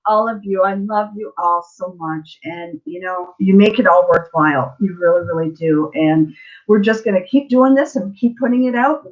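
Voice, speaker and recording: A middle-aged woman hosting a live stream, talking in a warm, halting, tearful way with many fillers. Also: fairly low pitch, narrow, tinny audio. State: tearful, close to crying. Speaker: spiritual channel host. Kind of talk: casual live-stream chat.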